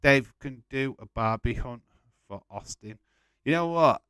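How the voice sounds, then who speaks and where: A man's voice: medium pitch, animated, measured pace, fairly bright tone, clean tone, no echo. A man hosting a casual live watch-along stream, chatting loosely with frequent swearing and rambling restarts. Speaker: livestream host.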